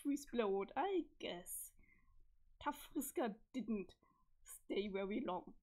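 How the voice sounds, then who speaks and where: A woman's voice: medium pitch, expressive, slow pace, darkish tone. A woman streamer with a strained voice reading a webcomic aloud, reacting and swearing casually. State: voice strained from allergies. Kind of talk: casual read-aloud with commentary.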